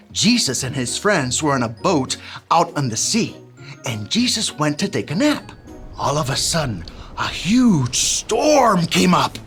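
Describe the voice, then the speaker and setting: A woman doing a cheerful handyman who tells kids a story and has them clap, yell and rock along. His voice sits fairly low but swoops wildly up and down. He takes his time with every line. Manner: playful, calls kids to join in. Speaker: children's church presenter. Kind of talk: kids' Bible story with actions.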